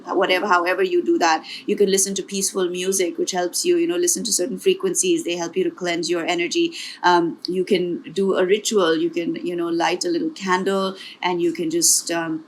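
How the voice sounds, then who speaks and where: A woman's voice: on the low side, little pitch movement, fairly quick. A woman giving a tarot reading as a spiritual coach, speaking earnestly and encouragingly, often repeating herself and adding asides.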